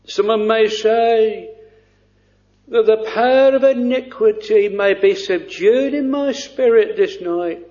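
A man preaching a sermon in an earnest, hesitant way with frequent pauses. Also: sits high, a little mellow. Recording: dull lo-fi recording.

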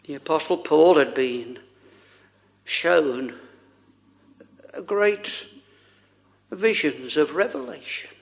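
A man's voice: on the high side, lively intonation, takes it slowly, gravelly, long pauses. A man preaching a sermon, addressing the congregation with rhetorical questions and old-fashioned scripture wording.

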